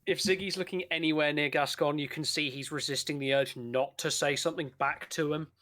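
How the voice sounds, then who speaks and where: A man's voice: a little high, steady tone, a little fast, sharp tone, slight background noise. A man playing a tabletop game who comments in a wry, joking way. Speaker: player.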